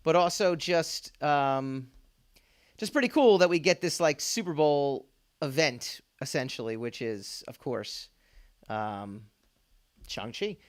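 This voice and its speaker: The host of a laid-back pop culture podcast takes his time, his voice on the high side and expressive. He meanders, laughing often and leaning on fillers and restarts.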